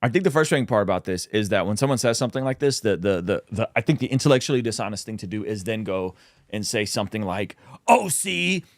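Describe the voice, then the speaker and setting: A man hosting a casual commentary chat, reacting loudly and talking in loose restarts. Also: fairly low pitch, fast talker, dry recording, clean studio sound. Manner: animated, exclaiming, trailing off into restarts. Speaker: podcast host.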